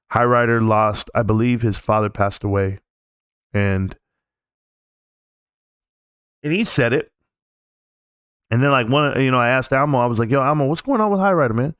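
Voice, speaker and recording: A man's voice: on the low side, fairly bright tone, smooth, dry recording, clean studio sound. A man hosting a casual live stream from home, talking in a rambling, heartfelt, reflective way. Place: at home, alone.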